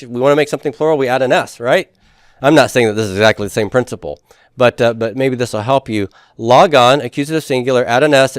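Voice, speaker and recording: A Greek teacher lectures his class in a medium-pitched, clear, resonant voice, recorded with clean studio sound and no room sound. He works through ideas step by step, keeps checking understanding with "right?" and "okay?", and tosses in the odd playful joke or pun.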